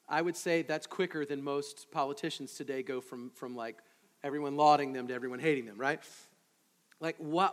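A man preaching an expository sermon as pastor, conversational and animated, with frequent asides to the congregation. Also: on the high side, in a large hall.

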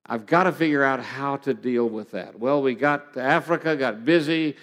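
A man's voice: medium pitch, moderate pace, fairly bright tone. A middle-aged man preaching a sermon, telling a personal story in an earnest way that rises to emphatic passages. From Oklahoma, USA. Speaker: pastor. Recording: long hall reverb.

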